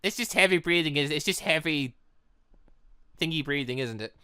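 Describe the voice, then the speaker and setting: A man hosting a visual novel playthrough, commenting excitedly and laughing between the story's lines. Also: a little high, normal speed, long pauses, smooth, dry recording, studio quality. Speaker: let's play host.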